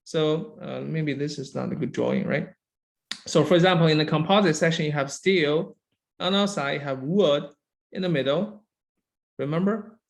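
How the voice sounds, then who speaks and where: A man's voice: on the high side, moderate pace, creaky. A man lecturing a university engineering class, who keeps checking understanding with "right?" and "okay?" and praises students by name.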